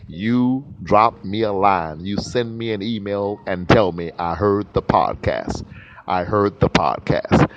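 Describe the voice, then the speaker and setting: A man hosting a political commentary podcast, talking emphatically and repeating phrases for stress. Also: low-pitched. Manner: spells out words slowly. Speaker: podcast host. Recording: dull lo-fi podcast audio with faint noise.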